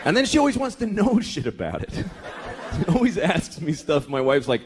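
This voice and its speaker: A man's voice: sits high, huge pitch swings, brisk. Exasperated profane stand-up comedian, man. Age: 30s. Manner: profane, exasperated, acts out voices. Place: comedy club stage with laughing audience. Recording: live club recording with crowd noise.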